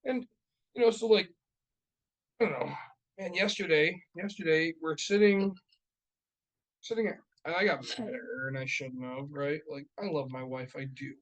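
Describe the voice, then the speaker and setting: A man's voice: fairly high pitch, normal speed, fairly bright tone, low-quality recording. A man with a slightly raised voice tells stories about home life on a casual podcast. He swears constantly and vents in a heated, ranting way. His voice climbs sharply whenever the frustration spills over. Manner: profane, ranting, heated storytelling. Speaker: podcast co-host. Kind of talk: casual chat. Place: podcast studio.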